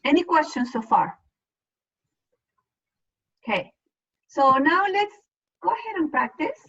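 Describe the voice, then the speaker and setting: A woman's voice: high voice, very animated, takes it slowly, a bit bright, muffled recording. A woman teaching a Spanish class over a video call, explaining patiently and step by step. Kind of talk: online class lesson.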